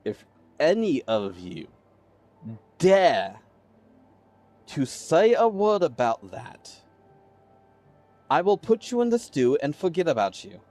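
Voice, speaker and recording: A sly tabletop-game cook, as a man puts him on, with a scathing, drawn-out way of scolding that can turn quietly threatening. His pitch moves a lot, sitting a little high for a man. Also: huge pitch swings, faint music behind, heavily acted. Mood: menacing. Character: exasperated, sly male innkeeper-cook with blocky teeth.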